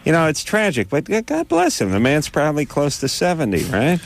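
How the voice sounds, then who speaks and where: A man's voice: fairly high pitch, wildly swooping pitch, brisk, gravelly, very noisy. A man co-hosting a late-night call-in radio show, blunt and sardonic with the callers.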